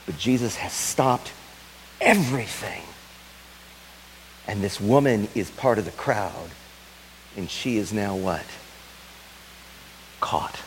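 A man pastor preaching a sermon, dramatic, swinging from loud urgency to a soft tender hush. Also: fairly low pitch, lively intonation, takes it slowly, pauses often, slight background noise, low-quality recording.

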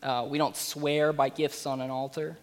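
A man giving a sermon in a relaxed, conversational way, with fillers and asides. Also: medium pitch, normal speed, long reverb tail. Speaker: preacher.

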